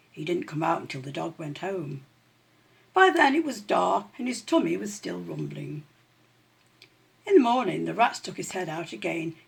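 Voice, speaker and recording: A woman reading a children's story aloud in an expressive, animated way. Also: mid-range voice, gravelly, husky.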